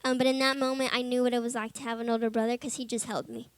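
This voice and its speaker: Speaking very fast in a steady, clean tone on the high side, a young adult woman at Bible college tells fellow students her personal testimony. She's informal and earnest, saying "like" and "um" a lot, and goes quiet in the heavy moments. There's no echo.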